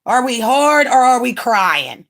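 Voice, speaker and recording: A woman with a slightly high voice hosts her own livestream. She rants in a brash, profane, mocking way and at times breaks into shouting. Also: very animated, measured pace, gravelly. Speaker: livestream host. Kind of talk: ranting livestream talk.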